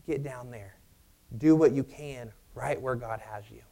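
A man preaching a sermon and telling a personal story in a conversational, animated way. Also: medium pitch, measured pace, gravelly.

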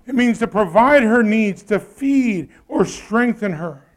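Man, pastor, sermon, very high pitch, conversational, questions to congregation. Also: animated, a little slow.

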